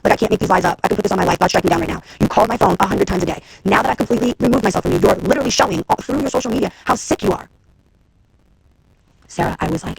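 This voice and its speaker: Brief: woman in her thirties ranting on a phone livestream, rapid-fire delivery with a gravelly fry, swearing freely, exasperated. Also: mid-range voice, rough recording. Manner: fast, profane, venting and exasperated. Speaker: reality TV personality and executive producer. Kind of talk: Instagram live rant to viewers.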